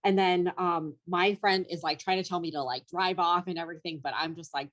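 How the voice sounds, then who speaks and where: A woman's voice: on the low side, fairly even intonation, fairly quick. A young woman, a comedian guest, telling a story in casual chat, rambling with lots of fillers and laughing through it.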